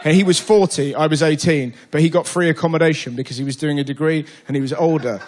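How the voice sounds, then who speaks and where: A man performing a stand-up routine, telling animated stories and shouting punchlines in a theatre. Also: fairly high pitch, quick pace. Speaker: stand-up comedian. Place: theatre stage. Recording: live theatre with loud laughing crowd and noise.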